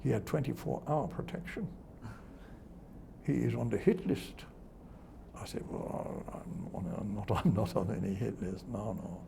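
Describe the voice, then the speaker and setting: A man's voice: lowish voice, lively intonation, a little slow, creaky, mellow, a little hiss or hum. An older man, a television presenter, reminiscing in an interview and telling anecdotes with chuckles, acting out the voices of people he quotes. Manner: chuckling storyteller who acts out quoted voices.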